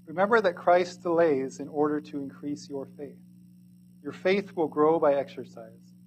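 A man reading a sermon aloud in archaic English, earnest and pleading, swinging from loud to hushed. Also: on the high side, moderate pace, highs cut off, a little hiss or hum.

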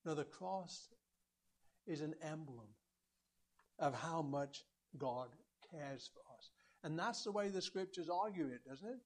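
A man preaching a sermon in an earnest voice, rising to emphatic peaks and dropping low, with rhetorical questions to the congregation. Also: expressive, a little slow.

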